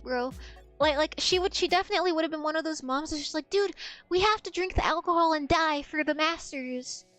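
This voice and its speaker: A young woman streamer telling an animated, profane story in casual chat. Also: high voice.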